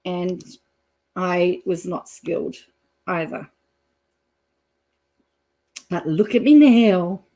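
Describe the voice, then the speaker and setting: A woman's voice: fairly low pitch, extremely slow, pauses often, dark tone. A middle-aged woman with an Australian accent hosting a casual live stream, chatting and reading out viewer comments. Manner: chatty, reads out viewer comments, thinks aloud with fillers. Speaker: YouTube live-stream host.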